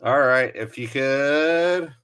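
A man's voice: mid-range voice, takes it slowly, fairly bright tone, clear, resonant tone, dry recording. A man on a casual comedy panel reading out prompts from a list, laughing at his own mix-ups.

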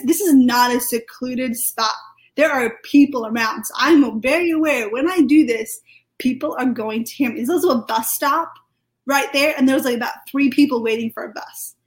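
A British woman, a podcast guest, telling a personal testimony in a chatty, lively way full of fillers. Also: a little high, poor audio. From United Kingdom.

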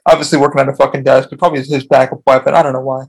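A man's voice: medium pitch, little pitch movement, rapid-fire, gravelly. A man hosting his own podcast, telling a long story in a casual, rambling way with lots of swearing. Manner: profane, rambling, frequent restarts. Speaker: podcast host.

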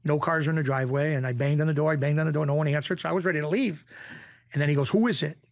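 A middle-aged man from Springfield, Massachusetts, telling stories as a podcast guest in a rambling, animated way with frequent restarts. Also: on the high side, racing, no room sound, clean studio sound. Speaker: podcast guest, former mob bookie. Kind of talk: casual storytelling interview.

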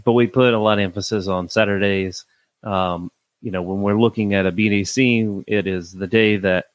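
A low-voiced man hosts his own podcast in a loose, blunt monologue, speaking his mind and leaning on fillers. The recording is dry, with no room sound. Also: no room sound. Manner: candid, blunt and opinionated, with frequent fillers. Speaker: podcast host. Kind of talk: casual solo podcast monologue.

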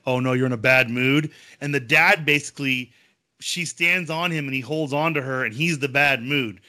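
Male podcast co-host, excitable casual chatter, bright tone. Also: fairly high pitch, no room sound, clean studio sound. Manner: chatty, excitable, with frequent fillers. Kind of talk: casual chat.

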